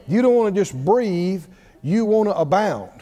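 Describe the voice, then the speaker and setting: High, lively-voiced preacher in reverberant hall. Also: male voice, moderate pace. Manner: emphatic call-and-response preaching. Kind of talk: sermon.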